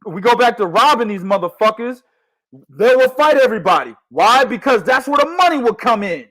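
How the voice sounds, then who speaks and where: Animated, high-voiced man ranting about boxing. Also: fairly quick. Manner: animated, loud, slangy, swings between mumbling and shouting. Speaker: host of a boxing talk show. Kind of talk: casual boxing chat with heavy profanity.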